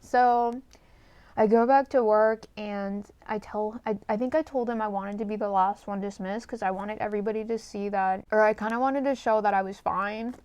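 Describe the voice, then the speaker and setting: A woman's voice: mid-range voice, fairly even intonation, moderate pace, a little mellow, clear, resonant tone, no room sound. A woman vlogger telling a personal story in casual storytime style, candid and rambling, with lots of fillers, swearing and an emotional, confessional tone.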